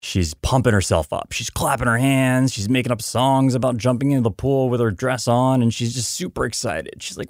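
A man's voice: medium pitch, normal speed, a little mellow, no echo, clean studio sound. A man hosting a podcast, telling a story in a chatty way, with many asides and repeated words for emphasis. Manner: chatty, lots of "I mean" and "you know" asides. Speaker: podcast host.

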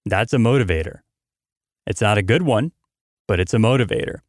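A man's voice: fairly low pitch, lively intonation, fairly quick, no room sound, studio quality. A man hosting a motivational podcast, talking energetically and emphatically, hammering points through repetition. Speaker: podcast host.

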